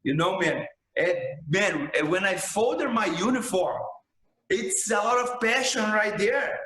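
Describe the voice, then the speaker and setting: A man's voice: sits high, expressive, a little slow, bright, forceful tone. Passionate man, roomy sound. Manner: passionate, repeats "man" and "bro". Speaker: jiu-jitsu instructor. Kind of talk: casual podcast interview.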